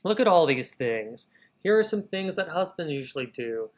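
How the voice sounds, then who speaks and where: A man's voice: on the high side, moderate pace. A man hosting a live writing session, talking casually and thinking aloud to his viewers. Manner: energetic, thinking aloud, addressing viewers as y'all. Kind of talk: casual livestream talk.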